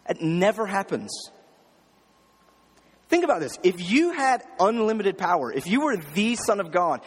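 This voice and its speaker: A man's voice: sits high, slightly rough. Man preaching in an echoing hall. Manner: emphatic, repeats phrases, asks rhetorical questions. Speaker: pastor. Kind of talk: sermon.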